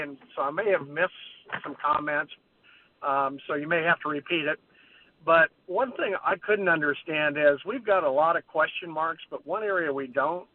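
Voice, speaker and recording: A man calling in to a sports radio show, friendly and earnest and a little rambling. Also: fairly high pitch. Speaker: caller. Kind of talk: phone call to a radio show. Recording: tinny phone line.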